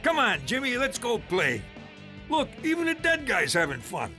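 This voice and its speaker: A man's voice: very high-pitched, wildly swooping pitch, normal speed, sharp tone, soft background music, heavily acted. An actor voicing a crude, brash male mobster uncle in an adult cartoon. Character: crude older mobster uncle, divorced six times.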